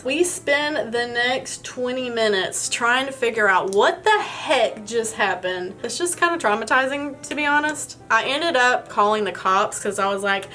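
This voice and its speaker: A young beauty vlogger with a highish, slightly bright voice tells a story while doing her makeup in a casual vlog, chatty and full of fillers.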